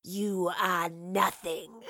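A woman doing a slow, snarling wraith. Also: on the low side, flat delivery, bright, forceful tone, dry recording, studio quality, full character voice. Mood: menacing.

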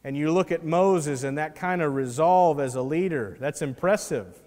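A man preaching a sermon as pastor, animated and acting out the voices in the scripture he reads. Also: a little high, moderate pace, long reverb tail.

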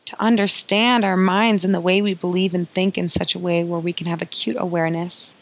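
A woman's voice: lowish voice, level tone, fairly quick, rough recording. A woman hosting a podcast as an emotional healing coach, talking in an earnest, confiding way and repeating phrases for emphasis.

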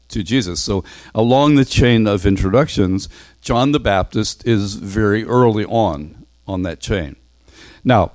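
A man teaching a Bible passage in an animated storytelling way, acting out the characters' dialogue and often restarting his words. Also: lowish voice, no echo. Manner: animated, acts out dialogue, self-correcting.

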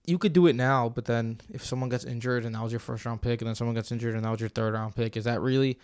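A young man co-hosting a fantasy football podcast in a relaxed, chatty way. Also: mid-range voice, fast talker, clean tone, no room sound, clean studio sound. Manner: relaxed, chatty, reads out promo codes. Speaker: podcast co-host. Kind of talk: casual podcast chat.

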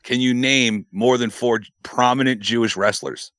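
Blunt swearing podcast co-host. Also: male voice, medium pitch, steady tone, normal speed, a bit bright, dry recording, clean studio sound. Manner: blunt, swears a lot, mock-tough teasing. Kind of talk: casual chat.

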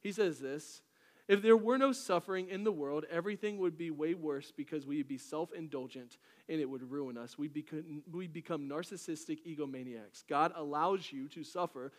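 A man preaching a sermon as pastor, lively and storytelling, with jokey asides. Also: a little high, moderate pace, long reverb tail.

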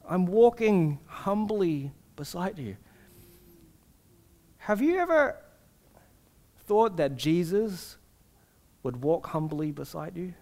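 A man with a notably high voice preaches a sermon. He speaks earnestly and personally and keeps posing rhetorical questions to his congregation. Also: very animated, slow pace, long pauses, darkish tone. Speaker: pastor.

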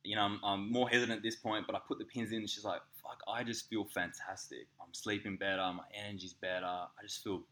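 Australian man, lowish voice, bright tone, animated storyteller, casual podcast chat. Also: fast, hardly any pauses. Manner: animated, laughing, swearing, acts out voices in anecdotes. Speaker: podcast co-host, acupuncturist.

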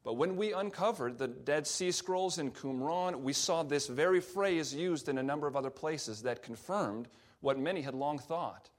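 A man, a pastor, preaching a sermon and explaining scripture with frequent fillers and restarts. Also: fairly high pitch. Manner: reads scripture aloud slowly.

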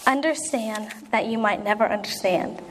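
A woman's voice: mid-range voice, moderate pace, background noise. A young woman preaching a sermon in an earnest, conversational way, acting out prayers as she goes.

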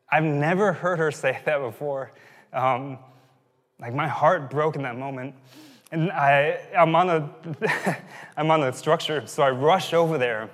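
Conversational pastor in a reverberant hall. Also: male voice, on the high side, fairly bright tone. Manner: conversational, self-interrupting, rising to emphatic peaks. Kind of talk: sermon with personal story.

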